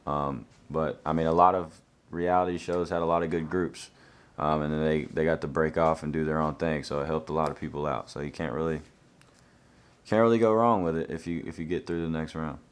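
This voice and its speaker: A man's voice: a bass voice, fairly even intonation, brisk, clean tone. A young man, reading out fan questions and answering them in an easygoing, laid-back way.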